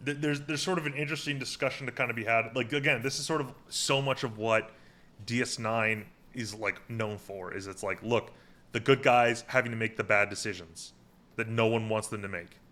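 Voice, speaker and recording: Bright-voiced man recapping an episode. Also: medium pitch, fairly quick. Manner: recaps scenes by paraphrasing lines, many fillers and "like". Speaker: podcast co-host recapping an episode. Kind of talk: casual chat.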